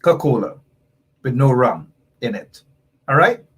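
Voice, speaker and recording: A man's voice: medium pitch, big pitch swings, measured pace, a bit bright, breathy edge. A man hosting a political talk show, emphatic and repetitive, reading out viewer comments and answering them. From Guyana. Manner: emphatic, repeats points, reads viewer comments aloud. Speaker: show host.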